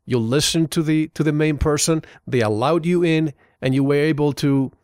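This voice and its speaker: A man interviewing a guest, agreeing and summing up in halting restarts. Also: a little high, darkish tone, clear, resonant tone, dry recording, studio quality. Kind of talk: interview conversation.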